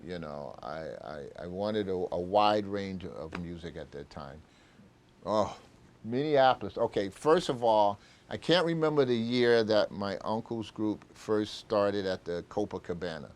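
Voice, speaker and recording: A man's voice: on the low side, animated, measured pace, a little mellow. An older man from New York telling long stories in an interview, rambling with many fillers and acting out old conversations. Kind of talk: anecdotal interview storytelling.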